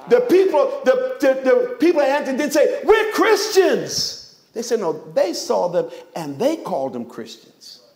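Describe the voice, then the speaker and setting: High-voiced emphatic male preacher. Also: creaky, darkish tone. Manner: emphatic preaching with rhetorical questions and joking asides. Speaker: pastor. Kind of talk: sermon.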